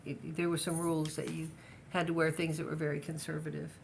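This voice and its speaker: An older woman with a fairly low voice recalls her past in a relaxed family interview. She speaks hesitantly and often restarts her sentences. A faint rumble hums under the recording. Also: a little fast, gravelly. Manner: hesitant, many restarts and fillers.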